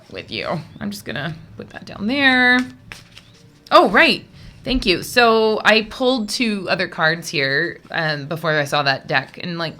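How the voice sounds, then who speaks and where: Bright-voiced chatty woman tarot reader. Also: lowish voice. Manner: chatty, rambling, digressive with many fillers; emotional, easily moved. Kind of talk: casual tarot reading to camera.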